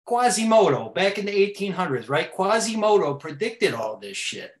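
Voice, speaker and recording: A man with a high, very animated voice speaks at a moderate pace, boastfully playing a brash, rambling tough-guy co-host with a mobster swagger. The recording has a roomy echo.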